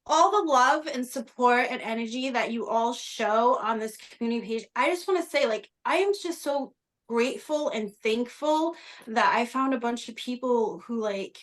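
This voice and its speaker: A woman's voice: on the high side, moderate pace. Sentimental woman on a video call. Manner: heartfelt, tearful, sentimental. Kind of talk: casual chat.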